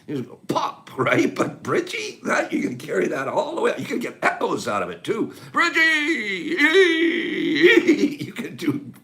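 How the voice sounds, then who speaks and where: A man's voice: on the high side, huge pitch swings, fairly quick, vocal fry, pushed and bright. A man hosting a casual livestream, chatting and greeting viewers by name. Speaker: livestream host.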